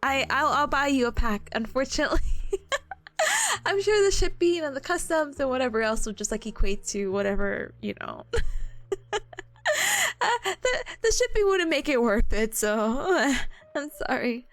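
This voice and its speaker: A woman's voice: high voice, very animated, measured pace, fairly bright tone. A young woman streamer chatting casually with her viewers, giggling often and slipping into playful silly voices. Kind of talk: casual live-stream chat.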